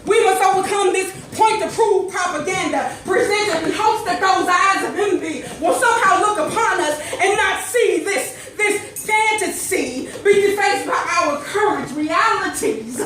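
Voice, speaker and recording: A woman's voice: very high voice, a bit bright, a little hiss or hum. Woman poet, passionate rhythmic spoken word, heard from far off in an echoey room. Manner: passionate, rhythmic, preaching delivery. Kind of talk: spoken word poetry performance.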